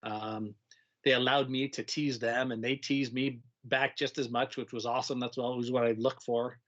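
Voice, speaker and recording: Animated middle-aged man, slightly dull audio. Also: medium pitch, moderate pace. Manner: animated, acts out kids' voices, laughs often. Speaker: retired teacher, guest. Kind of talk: casual storytelling conversation.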